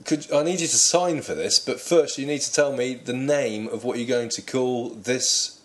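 A man's voice: mid-range voice, normal speed, fairly bright tone, natural voice. A man playing a delivery stork in a patient, officious manner.

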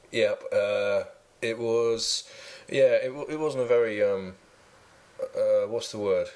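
A man's voice: lowish voice, slow, a little mellow. A man hosting a comedy podcast, chatting with dry, teasing humor. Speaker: podcast host. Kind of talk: joking casual chat.

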